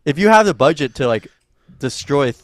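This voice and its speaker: A man's voice: a little high, expressive, fairly quick, dry recording, studio quality. A young man co-hosting a comedy podcast, riffing with mock-serious asides in casual chat. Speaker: podcast co-host.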